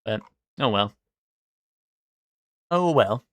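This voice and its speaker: A man's voice: lowish voice, lively intonation, very slow, fairly bright tone, no echo, clean studio sound. A young man streaming live, thinking aloud and guessing in casual, swearing chatter.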